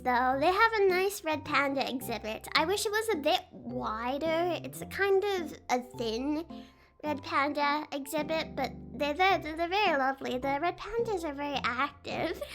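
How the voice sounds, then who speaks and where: A young woman streams and chats casually, her high voice bright and sharp. She talks in an excitable, giggly way, full of sarcasm and sudden laughs. Soft music plays faintly behind her. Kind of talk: casual livestream chat.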